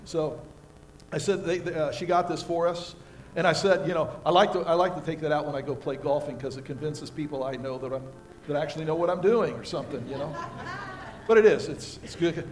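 An older American man preaching a sermon as pastor, telling folksy stories with props and swinging between quiet and loud. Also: a little high, brisk.

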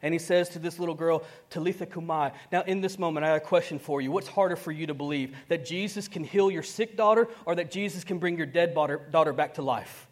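A man preaching a sermon to a congregation, conversational and animated. He acts out dialogue, with sudden swings between soft and loud, and chuckles often. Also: on the high side, fast talker, hardly any pauses. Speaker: pastor.

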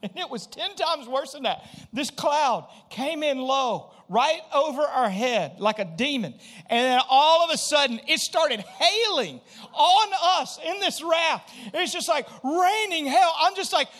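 A middle-aged man with a drawl delivers a sermon from the pulpit. His voice sits high for a man, and he tells stories with animation, slipping into the voices of the people he quotes and calling out to the congregation. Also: measured pace. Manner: animated storytelling, acts out quotes, addresses congregation directly. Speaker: pastor.

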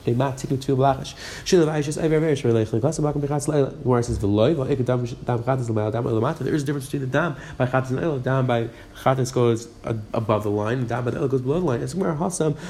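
A man teaching a Talmud page, quickly reading the Aramaic and explaining it in English. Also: medium pitch, dark tone. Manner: rapid, mixing Aramaic and English. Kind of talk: fast daf yomi lesson.

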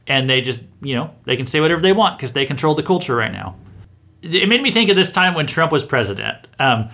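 A man's voice: medium pitch, big pitch swings, fairly quick, creaky, bright, forceful tone. A man hosting a satirical news round-up, giving opinionated commentary in a sarcastic, mocking tone and chuckling between points. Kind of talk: opinionated political commentary monologue.

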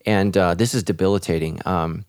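A man's voice: low voice, steady tone, normal speed, a little mellow, no room sound, studio quality. A man, a pastor, speaking earnestly and reflectively in a podcast conversation about faith.

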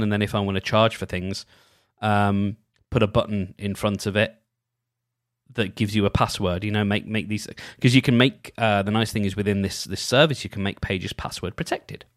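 Low-voiced man musing in a dry close mic. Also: no room sound. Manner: rambling, full of restarts and "you know". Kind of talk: casual solo monologue.

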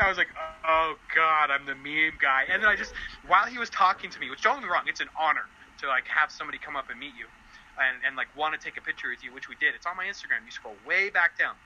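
A young man telling a story as a podcast guest, animated and laughing often. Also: fast talker, lo-fi sound, slight background noise. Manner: animated, laughing often, voice jumping high in quotes. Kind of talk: casual storytelling chat.

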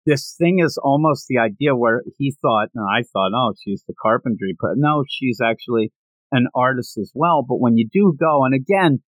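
A man co-hosting a podcast in casual chat, talking in an animated, jokey way with frequent stumbles and restarts. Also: medium pitch, normal speed, no echo. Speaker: podcast co-host.

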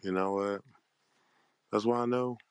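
A man with a very deep voice delivers an angry, profanity-laden rant as a panel host. He sounds heated and exasperated, at times drawn out and weary. The sound is dry and close. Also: fairly even intonation, unhurried, smooth, no echo.

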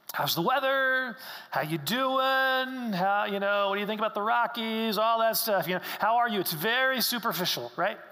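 A man preaching a sermon, explaining scripture and reading verses aloud, often dropping to a hush at tender moments. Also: high voice, big-room sound. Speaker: pastor.

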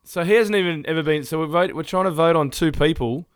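A man's voice: fairly high pitch, quick pace, clear, resonant tone, no room sound, studio quality. A man co-hosting a podcast in casual chat, ranting and swearing freely, often laughing mid-sentence. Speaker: podcast co-host.

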